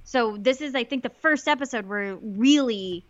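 This co-host's voice sits on the high side at a normal pace as she chats through a TV episode recap, peppering it with "like" and doing little voices for quoted lines. The sound is lo-fi, with no room sound.

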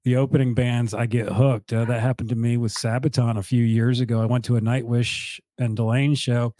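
A man's voice: medium pitch, flat delivery, fairly quick, dark tone, no echo. A man interviewing a band member, asking questions in a friendly, conversational way.

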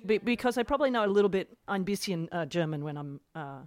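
A woman's voice: mid-range voice, lively intonation, fast. A woman co-hosting a podcast, chatty and self-deprecating, laughing easily. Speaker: podcast co-host, retired tennis pro. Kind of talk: casual podcast chat.

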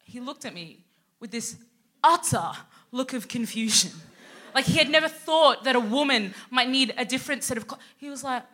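Lively high-voiced woman doing stand-up. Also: moderate pace. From Sudan, raised in Australia. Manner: animated, swearing, acting out quotes. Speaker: co-host. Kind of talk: stand-up comedy set. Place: live show on a stage.

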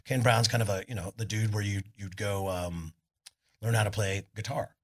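A middle-aged man with a Californian accent, speaking live on a club stage. His low voice has a husky edge. He rambles through animated stories and jumps into loud voices when he quotes people. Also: normal speed. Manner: rambling, animated storyteller, acts out quotes loudly. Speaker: guest, rock singer. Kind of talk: live on-stage storytelling interview.

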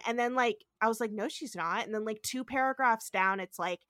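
A woman's voice: on the high side, fairly quick, few pauses, a bit bright, dry recording, studio quality. A woman co-hosting a podcast in casual chat, talking in a chatty way, swearing freely and acting out quotes. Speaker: podcast co-host.

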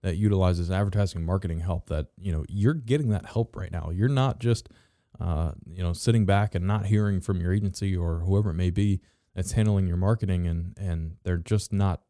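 Low, dark-voiced man in casual chat. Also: dry recording. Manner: halting, many fillers and restarts; dry sarcastic asides. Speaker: podcast co-host.

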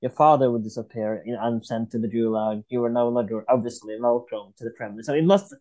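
A man hosts a podcast interview at a mid-range pitch. He thinks aloud as he speaks, leaving sentences unfinished and circling back to restart them. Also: fairly quick, mellow, low-quality recording. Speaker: podcast host.

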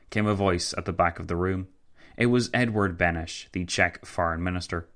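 A man reads a scripted story aloud. His voice sits low and measured. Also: steady tone, a bit bright. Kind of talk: scripted narration.

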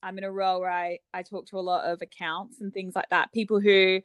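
A woman's voice: mid-range voice, brisk, smooth, dry recording. A young Australian woman co-hosting a podcast, chatting casually and acting out the lines of people in her stories. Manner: chatty, animated storytelling, acts out quotes. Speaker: podcast co-host. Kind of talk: casual chat.

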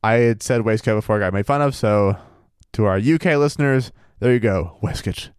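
This lowish male voice moves fairly quickly, slightly mellow and clean in tone, in a dry, clean studio recording. He's co-hosting a relaxed podcast, alternating between reading a paranormal story aloud and cracking profane jokes, laughing often.

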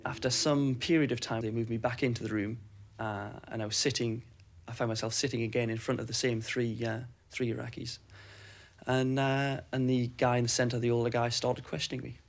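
A man recounting a personal ordeal in measured, even testimony. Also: mid-range voice, vocal fry. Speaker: interviewee recalling captivity.

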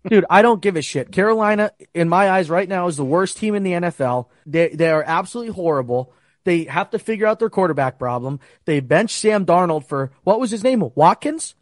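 A man's voice: high voice, animated, a little fast, no echo, clean studio sound. A young man hosting a casual sports betting talk, ranting heatedly and swearing often. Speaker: sports betting podcast host.

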